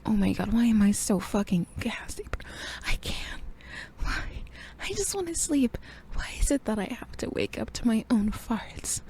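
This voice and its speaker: A woman's voice: a little high, sing-song, moderate pace, few pauses. A young adult woman streamer in casual, crude, joking chat, often half-whispering.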